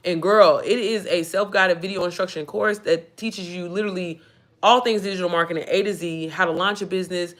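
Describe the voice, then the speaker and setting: A woman's voice: lowish voice, steady tone, brisk. A woman, chatting in a rambling, emotional way on a livestream, swearing freely. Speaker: livestream host. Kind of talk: casual livestream chat.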